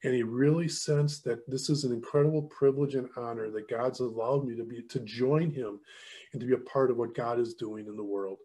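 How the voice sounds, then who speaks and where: Animated storytelling man, mellow voice. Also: medium pitch, brisk. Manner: animated, acts out both sides of dialogue. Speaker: ministry leader and guest speaker. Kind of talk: storytelling testimony.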